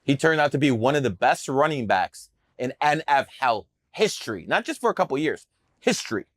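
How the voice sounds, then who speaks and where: A man's voice: mid-range voice, very animated, fairly quick, no echo. A man telling stories in a casual interview, brash, boastful and profane. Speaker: podcast guest telling his story.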